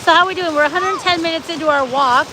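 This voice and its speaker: A woman's voice: extremely high pitch, quick pace. A woman hosting a live walking vlog on a beach, chatting upbeat straight to her viewers. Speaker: livestream host. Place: outdoors on a beach. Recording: outdoor phone audio with loud surf noise. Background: surf and wind noise.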